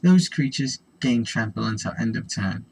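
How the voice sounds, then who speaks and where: A man's voice: medium pitch, animated, normal speed, vocal fry, a little mellow, breathy edge, poor audio. A man with an itchy throat hosting a casual card-opening video. He reads card text aloud and rambles through asides. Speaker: host.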